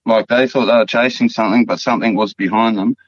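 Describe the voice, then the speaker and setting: A man's voice: fairly low pitch, steady tone, quick pace, no room sound. An Australian man from the Northern Territory, telling a story as a podcast guest in a casual, rambling way full of fillers and swearing. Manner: rambling, profane, repeats words and fillers. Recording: dull, dry lo-fi podcast audio.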